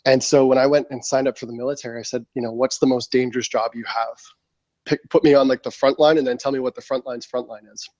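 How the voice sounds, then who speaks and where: A man's voice: medium pitch, quick pace, dry recording. A man in his thirties, a military veteran guest on a podcast, telling a long story in casual talk, acting out his own quotes with plenty of fillers. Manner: animated storyteller, acts out quotes, frequent fillers. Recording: slightly muffled dry studio mic.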